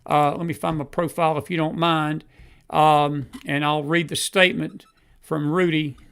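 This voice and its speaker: A man's voice: a little high, level tone, normal speed, fairly bright tone, clear, resonant tone. A man hosting live political commentary, rambling as he searches for a statement, then heated and emphatic. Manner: fumbles and self-talks while searching. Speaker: host.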